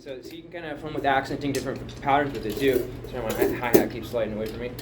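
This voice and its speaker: Loud music sits behind this drum teacher's steady, medium-pitched voice as he talks rapid-fire through a drum pattern in his home music room. He's chatty and rambling, counting beats aloud while the mic picks up a distant, loud kit.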